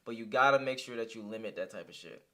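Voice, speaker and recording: A man's voice: on the low side, fast talker, a bit bright. A young man giving casual reaction commentary, blunt, profane and heated. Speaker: reaction streamer.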